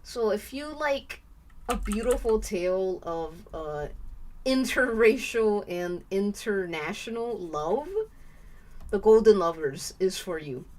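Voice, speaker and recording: Talking slowly in a medium-pitched voice, a young woman rambles casually through her live stream, full of filler words, now and then letting out an excited squeal.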